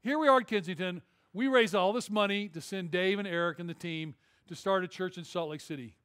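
A male pastor preaching a sermon in a church, telling a story in an animated, conversational way with jokes. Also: sits high, a little fast, smooth. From Detroit area. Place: church auditorium.

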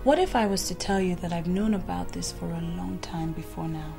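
A woman's voice: on the low side, fairly quick, vocal fry, music in the background. A self-assured rich girl. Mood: teasing. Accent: Nigerian. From Nigeria. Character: confident senator's daughter, teasing and self-assured. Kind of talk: film drama acting.

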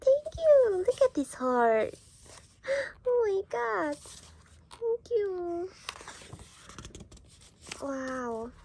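A woman's voice: very high voice, big pitch swings, drawn-out words, gravelly, pauses often, a little mellow. A young woman from Indonesia, gushing and gasping with delight as she chats casually in a fan vlog. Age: young adult. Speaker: vlogger.

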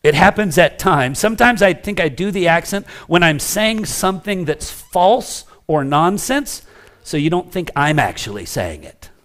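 A man's voice: high-pitched, very animated, moderate pace, fairly bright tone. A man preaching a teaching sermon as pastor, talking emphatically in a conversational way and making asides to the congregation.

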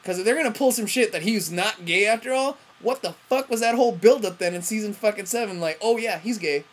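Husky woman for a rambling, profanity-laced TV review vlog. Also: medium pitch, fast talker. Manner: profane, rambling, frustrated ranting; frequent self-interruptions and fillers. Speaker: TV review vlogger. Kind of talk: ranting TV episode review.

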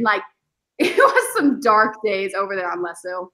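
A woman, a guest on a podcast, telling animated stories in casual chat and acting out her past self. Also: medium pitch, a little slow. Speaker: podcast guest, former reality show contestant.

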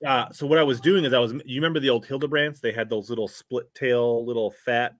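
A man's voice: medium pitch, fast, no room sound, studio quality, faint music behind. A man hosting a casual live stream, chatting with his guest and reading out viewer comments. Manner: reads viewer comments aloud, lively back-and-forth.

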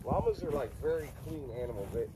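A man's voice: on the high side, animated, fast talker, mellow. A man who owns a farm, chatting casually and joking about his animals outdoors. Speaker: farm owner. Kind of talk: casual chat. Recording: distant outdoor voice with crowd noise.

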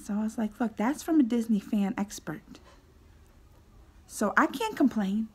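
A woman vlogger with a high-pitched voice tells a story in a loose, animated reaction style. She keeps switching between loud, excited outbursts and hushed, whispered asides, and she acts out her own lines as she goes. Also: unhurried, breathy edge.

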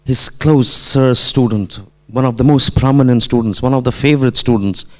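A male preacher delivers a Friday sermon in at an ordinary mid pitch. He tells a story through acted dialogue and swells into loud, emphatic exhortation. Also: moderate pace.

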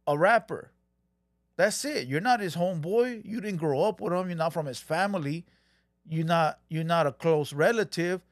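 A man hosting a reaction channel rants heatedly, repeats himself, and drops Spanish slang. His voice is a little high and expressive at a normal speed, with studio-quality sound and no room echo.

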